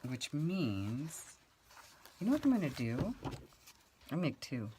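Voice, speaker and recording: Very low-voiced chatty middle-aged woman. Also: big pitch swings, slow, mellow. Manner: chatty, rambling, laughs often. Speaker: craft vlogger. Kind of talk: casual crafting chat. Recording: clear rustling and clicking noise.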